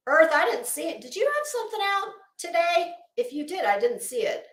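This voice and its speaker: A woman's voice: extremely high pitch, sing-song, fairly quick, roomy sound. A woman hosting a casual live commentary stream, chatting with viewers in a gossipy, sarcastic way and laughing often. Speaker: YouTube commentary host.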